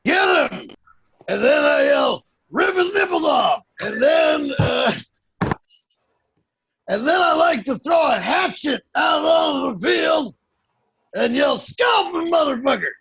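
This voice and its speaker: A gruff, bloodthirsty tough-guy fighter, as a man does an impression of him, bellowing every line at full shout. The voice sits high, and the pitch swings widely as he yells. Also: expressive, slow, pauses often, full character voice, rough recording. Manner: shouted, violent taunts.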